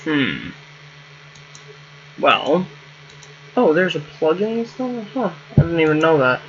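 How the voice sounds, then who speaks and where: Bright-voiced man musing through a game. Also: fairly high pitch, sing-song, slow, dull audio, a little hiss or hum. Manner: musing to himself, trailing off. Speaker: gameplay host. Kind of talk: casual thinking aloud while playing.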